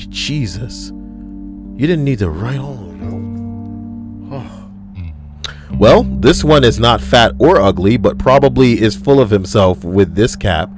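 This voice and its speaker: An online video host reads stories aloud into a desk microphone, adding swearing and chatty side remarks over soft background music. His voice is lowish with lively intonation, and he takes his time, pausing often.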